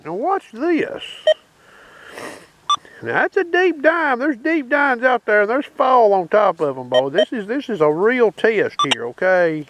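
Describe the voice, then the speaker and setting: Folksy high-voiced Southern man outdoors. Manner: folksy, addresses viewers as boys, keeps asking okay. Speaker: metal detecting channel host. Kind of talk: casual demonstration talk. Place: outdoors at a dig site. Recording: loud outdoor background noise. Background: detector tones and noise.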